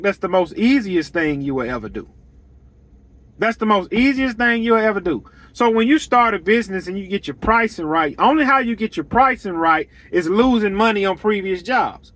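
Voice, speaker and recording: Lawn care guy talking biz, high voice, blunt, repeats himself a lot. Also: a bit bright, no room sound. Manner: blunt and emphatic, repeats his points. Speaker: lawn care business owner. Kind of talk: straight-talking business advice monologue.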